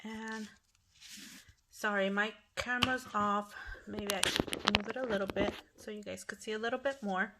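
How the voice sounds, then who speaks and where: Against a noisy background, a middle-aged woman with a medium-pitched voice runs a casual at-home craft tutorial for her channel. She chats away apologetically and keeps starting her sentences over.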